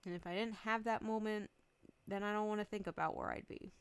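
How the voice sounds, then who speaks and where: Candid, laughing young woman with a smooth voice. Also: medium pitch, fairly even intonation, fairly quick, no room sound. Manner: candid and profane, laughing often, acting out both sides of conversations. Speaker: VTuber streamer. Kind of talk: casual chat stream.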